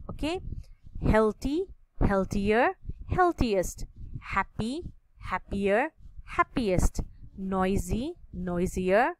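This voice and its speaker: A woman at an ordinary middle pitch teaches a grammar lesson, walking through each rule slowly and closing nearly every point with a questioning "okay?". Faint background noise sits under her voice. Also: fairly bright tone, poor audio. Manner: explains step by step, tags sentences with "okay?". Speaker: English teacher.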